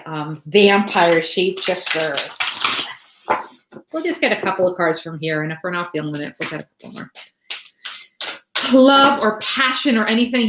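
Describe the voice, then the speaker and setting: A woman's voice: on the low side, reverberant, background noise. A woman giving a live tarot reading to viewers, chatty and rambling, full of fillers and restarts. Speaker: tarot reader.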